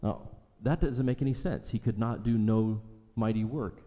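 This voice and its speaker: A man preaching a sermon, his voice low-pitched and mellow. He presses his points and repeats key lines for weight. The sound rings with the long reverb of a large hall. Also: moderate pace. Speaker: pastor.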